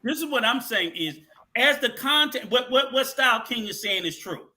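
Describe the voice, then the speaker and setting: A man with a very high, sharp and bright voice argues his point on a casual podcast panel. He talks at length and with emphasis. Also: expressive, normal speed.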